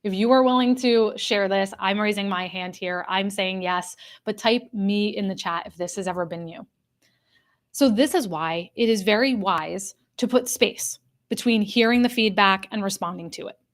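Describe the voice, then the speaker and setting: Speaking straight to her live chat audience, an earnest woman executive coach leads an online class and goes over her main ideas more than once so they land. Her pitch is ordinary and mid-range, and she moves at a moderate pace.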